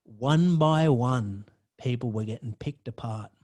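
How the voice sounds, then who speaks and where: A man's voice: medium pitch, a little slow, darkish tone. A man, a podcast host telling a personal story in a dramatic way and swearing freely.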